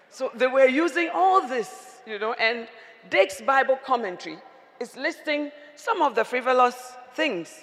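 A woman preacher, giving an animated, humorous sermon and often raising her voice to a shout. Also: high voice, a little slow. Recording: long reverb of a large hall.

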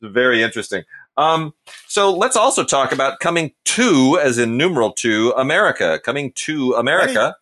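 Animated bright-voiced man reviewing films. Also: mid-range voice, normal speed. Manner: animated, emphatic, jokey opinions. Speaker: co-host. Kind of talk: casual movie review chat.

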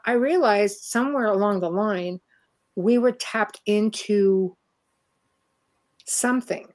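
A middle-aged woman with a Canadian accent, chatting away over a video call. She talks at an easy, ordinary pitch and breaks into laughter often as she tells her story. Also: takes it slowly, long pauses, a little mellow. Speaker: host. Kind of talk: casual chat on a video call.

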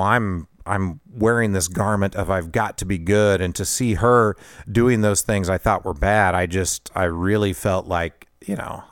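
A man's voice: fairly low pitch, clean tone, dry recording, clean studio sound. A middle-aged man hosting a podcast, telling a personal story in a conversational, self-deprecating way with frequent laughs. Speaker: podcast host.

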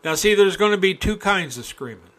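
A male preacher delivering a sermon, reading scripture aloud and breaking into folksy asides, climbing to loud, impassioned peaks. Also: sits high, lively intonation, fairly quick.

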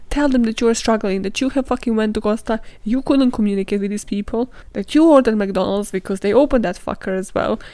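A woman's voice: fairly high pitch, warm tone, dry recording. A woman hosting a solo podcast, ranting bluntly in a rambling, sweary, casual way. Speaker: podcast host.

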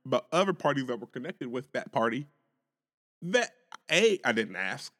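Male co-host, mid pitch, swears freely, laughs a lot, slight reverb on the recording. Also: normal speed. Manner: laughs often, profane, animated storytelling. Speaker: podcast co-host. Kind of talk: casual chat.

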